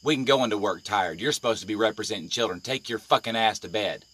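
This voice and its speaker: A man's voice: on the low side, quick pace, fairly bright tone, breathy edge. Furious, foul-mouthed man ranting. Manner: profane, confrontational, heated. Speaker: live-stream vlogger. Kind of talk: angry live-video rant.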